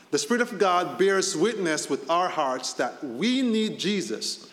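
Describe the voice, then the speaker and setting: This man's voice sits on the high side with a fairly bright tone. He's a pastor from the Boston area delivering a conversational sermon in a church hall, rising in pitch to emphasize key points, with long reverb trailing through the room.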